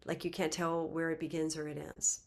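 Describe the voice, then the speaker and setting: A woman giving a spiritual talk, telling a myth in a lively, conversational way with casual asides. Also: deep voice, normal speed. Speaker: spiritual teacher. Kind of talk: casual storytelling lecture.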